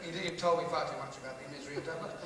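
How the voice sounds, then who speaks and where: A man's voice: fairly high pitch, steady tone, rapid-fire, recorded from a distance. A male stand-up comedian with an Australian accent, brash and profane, teasing the audience during a live show. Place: large music hall with a live audience. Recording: echoey hall taped from afar with loud crowd laughter.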